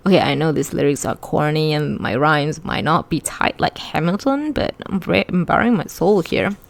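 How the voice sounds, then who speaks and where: Wry low-voiced woman audiobook reader. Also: normal speed, vocal fry. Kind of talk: first-person audiobook narration.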